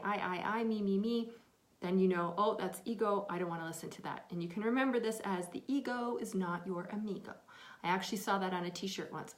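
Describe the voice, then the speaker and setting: A woman teaching casually to camera about spiritual guidance. She is chatty and animated, often checks in with "right?" and laughs as she tells stories. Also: medium pitch.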